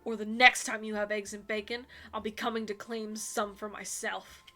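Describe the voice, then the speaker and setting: A woman's voice: mid-range voice, little pitch movement, moderate pace, bright, forceful tone, faint music behind, natural voice. A woman voicing a brooding, stern male werewolf in a dating game, with a clipped, dry delivery.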